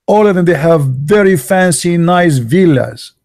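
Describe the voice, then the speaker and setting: An Arabic-accented man from the Arab world holds forth in a blunt, emphatic monologue, mocking the people he argues against. His voice is mellow and gravelly. The recording is dry and close. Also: on the high side, lively intonation, a little slow, no echo. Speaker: online show host. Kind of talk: opinionated monologue.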